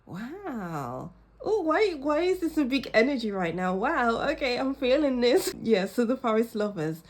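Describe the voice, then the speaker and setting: A woman's voice: fairly high pitch, sing-song, measured pace. A woman talks her viewers through a tarot spread in a loose, chatty way. She keeps exclaiming and laughing in bursts between her thoughts, sounding a little tired and under the weather but buoyed up. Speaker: tarot reader. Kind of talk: intuitive tarot reading to camera.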